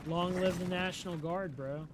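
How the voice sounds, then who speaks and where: A man chatting casually with his live-stream audience while playing a game, relaxed and slangy, and sleepy. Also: high-pitched, normal speed, background noise. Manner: relaxed and slangy, talking to chat. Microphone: streaming microphone.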